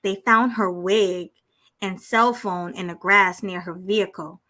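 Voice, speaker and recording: Bright-voiced woman podcast co-host. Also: medium pitch, fairly even intonation, a little slow. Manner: laughs often, blunt and sassy. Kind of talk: reading news aloud and casual chat.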